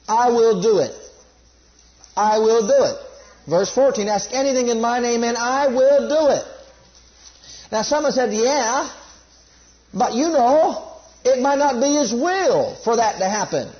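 High-voiced emphatic male preacher. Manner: emphatic, repeats key phrases, leads congregation call-and-response. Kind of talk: sermon. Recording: dull lo-fi sermon recording.

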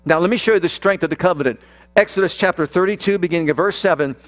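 A man's voice: high voice, no echo. A man preaching a sermon, speaking emphatically and addressing the congregation directly. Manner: slow, emphatic, talks straight to the congregation.

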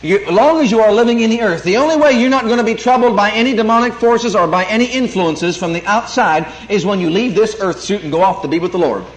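A man's voice: sits high, quick pace, hardly any pauses. A man preaching a sermon, emphatic and calling out for amens as he teaches. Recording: echoey room, faint noise.

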